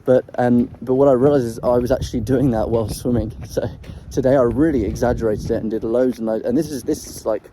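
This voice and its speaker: Man with a dark, mellow tone, mid pitch, unscripted vlog explaining voice technique with lots of fillers, faint outdoor noise behind. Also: steady tone, quick pace, hardly any pauses, poor audio. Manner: rambling, hesitant, full of ums and restarts; demonstrates throat sounds while talking. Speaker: voice coach sharing singing tips.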